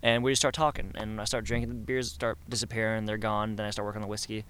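A man's voice: on the low side, little pitch movement, fast, a bit bright, smooth. A young man who sings in a band, telling a story in a casual interview and acting out other people's lines with energy. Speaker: band singer.

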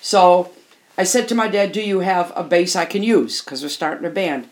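A lowish female voice at a moderate pace belongs to an older woman, a musician guesting on an interview. Her storytelling is candid and emphatic, with phrases often repeated for emphasis.

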